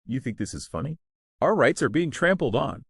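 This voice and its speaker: A shrill entitled woman in her fifties, as a man reads her. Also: big pitch swings, normal speed, husky, no room sound, clean studio sound. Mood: accusing. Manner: indignant, accusing, paranoid ranting. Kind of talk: scripted story narration.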